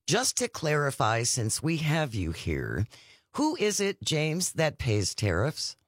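A man hosting a radio interview who makes his points emphatically and spells them out slowly. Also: a little high, huge pitch swings, no room sound, clean studio sound. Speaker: radio show host.

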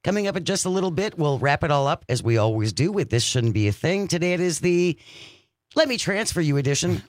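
A man's voice: fairly high pitch, fairly quick, no room sound. A man hosting a radio talk show in casual chat, reading out the phone number and listener messages. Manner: animated, reads out the phone number and listener texts.

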